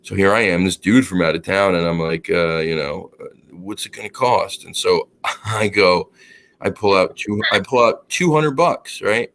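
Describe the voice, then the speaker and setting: Man, deep voice, gravelly fry, casual podcast storytelling, acts out quotes. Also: normal speed. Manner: animated, acts out quoted dialogue; laughs while telling the story. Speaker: podcast co-host.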